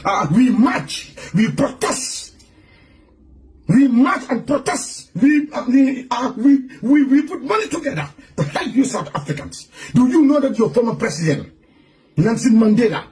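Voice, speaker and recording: A man's voice: extremely high pitch, a little mellow, slight background noise. A man delivering an angry, profane, repetitive rant to his online audience. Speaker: online commentator.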